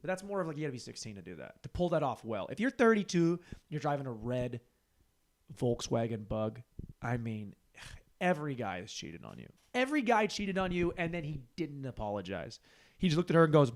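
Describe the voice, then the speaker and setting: A man's voice: mid-range voice, fairly quick. A man in his thirties hosting a solo comedy podcast, telling stories and acting out the other people in them, with plenty of swearing. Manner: animated storyteller acting out voices, swearing freely.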